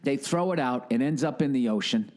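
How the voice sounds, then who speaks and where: A man's voice: medium pitch, brisk, a little mellow. A man hosting a podcast alone, telling a rambling comic monologue full of sarcasm, swearing and tangents. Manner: profane, sarcastic, tangent-prone. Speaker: podcast host.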